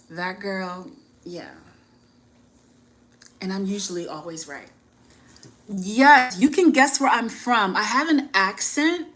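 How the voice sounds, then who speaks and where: Woman with a US Northeast accent, unhurried delivery, frank and chatty advice-vlogger with a self-mocking laugh. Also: mid-range voice, fairly bright tone, slight background noise, rough recording. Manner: chatty and frank, many "like" fillers, laughs at herself. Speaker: YouTuber giving dating advice. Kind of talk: casual advice vlog.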